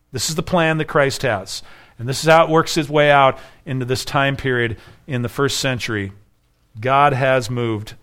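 A man's voice: on the high side, a bit bright, clean tone. A man preaching an expository sermon as pastor, emphatic and full of rhetorical questions.

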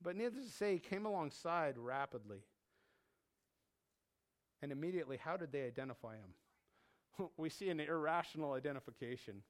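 Male preacher, higher register, very animated delivery, dramatizes and repeats for emphasis. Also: normal speed, long pauses. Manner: animated, acts out the disciples' panic, repeats key phrases. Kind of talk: expository sermon.

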